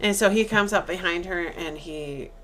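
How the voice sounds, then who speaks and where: A woman's voice: lowish voice, normal speed. Chatty woman podcaster retelling a movie. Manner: animated, acts out quoted lines with laughs. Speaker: podcast co-host. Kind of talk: casual chat, retelling a movie.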